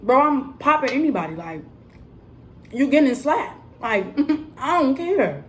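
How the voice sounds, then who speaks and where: A young woman telling a story in a casual, animated vlog style, emphatic and full of fillers. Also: sits high, measured pace, a little hiss or hum. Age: young adult. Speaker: vlogger and cosmetics counter worker.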